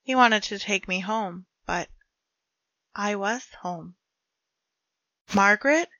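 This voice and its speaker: Woman storyteller, bright voice, dull dry recording, measured delivery. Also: mid-range voice, no room sound. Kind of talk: reading her own dark fiction aloud.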